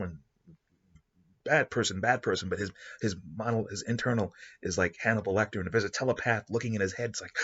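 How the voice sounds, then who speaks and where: A man hosting a show, talking through a story idea in a rambling, animated way. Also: on the low side, fast talker, slightly rough, highs cut off. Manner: rambling, animated, with many restarts. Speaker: host. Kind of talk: casual spoken storytelling.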